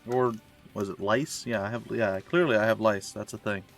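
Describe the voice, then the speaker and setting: Speaking at a moderate pace in a lowish, steady voice with faint music behind, a let's play streamer rambles over his game at home. He pokes fun at himself and keeps wandering into meandering asides.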